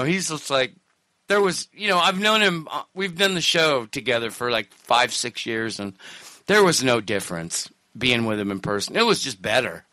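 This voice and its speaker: Male host from the West Coast, animated rambling storyteller, dry close mic. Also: on the high side, no room sound. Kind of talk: casual podcast storytelling.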